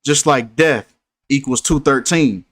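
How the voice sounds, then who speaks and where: A man's voice: mid-range voice, unhurried, a bit bright, no echo, clean studio sound. A man hosting a casual commentary, preachy in tone and repeating himself for emphasis. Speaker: host.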